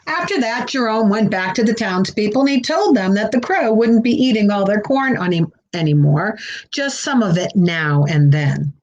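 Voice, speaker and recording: A woman reading a children's story aloud, pausing to explain words for young listeners. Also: medium pitch, lively intonation, darkish tone, highs cut off.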